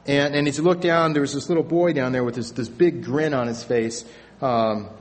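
A man's voice: mid-range voice, moderate pace. A man preaching a sermon in a church, telling stories in a conversational way with frequent restarts. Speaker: pastor. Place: church sanctuary. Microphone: stage microphone with sound booth. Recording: long church reverb.

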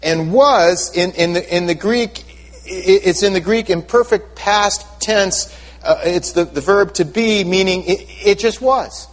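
A man with a notably high voice delivers a teaching sermon as pastor. He explains word meanings step by step, often restarting a phrase, and invites the congregation to read along with him. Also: measured pace. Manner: teaching, leads congregation in reading aloud; explanatory, repeats words when restarting.

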